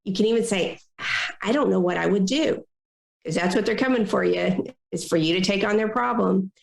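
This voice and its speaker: A woman consultant giving advice in a podcast interview, talking in a lively way and acting out complainers in little quoted voices. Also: mid-range voice, moderate pace, creaky, reverberant. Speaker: guest consultant on difficult people.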